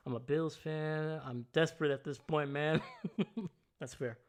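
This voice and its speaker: His tone is steady and his pace relaxed. This livestream host runs a laid-back football stream, wandering from thought to thought, talking with his audience and shouting hellos to chat with sudden pitch leaps.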